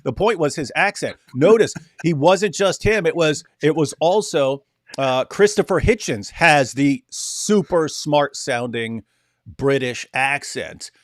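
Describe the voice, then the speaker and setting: A man's voice: on the high side, measured pace, no room sound. Man chatting on a livestream, dry sound. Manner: animated, mocking asides. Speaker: livestream co-host. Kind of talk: casual livestream chat.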